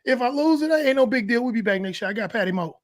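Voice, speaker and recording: A high-pitched man, chatting loosely about football on a podcast. He talks in an animated way and slips into little voices as he quotes imagined players and coaches. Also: racing. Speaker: podcast co-host. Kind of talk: casual sports talk.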